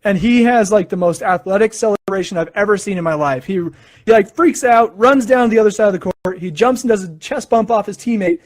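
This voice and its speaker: A man hosting a sports podcast, giving casual opinions in an excitable, animated storytelling manner. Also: high-pitched, a little fast, dry recording.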